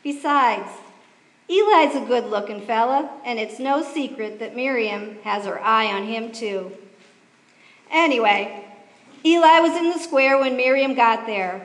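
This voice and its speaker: A woman narrating a church pageant in a lively, folksy storytelling manner. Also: high-pitched. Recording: echoey church hall, reverb.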